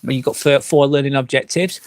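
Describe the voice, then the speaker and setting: Streaming live from beside a fire pit at a glamping site, a tipsy English vlogger reads comments from viewers and slips into sweary, rambling rants. He speaks at normal speed in a steady, medium-pitched voice, with no room sound.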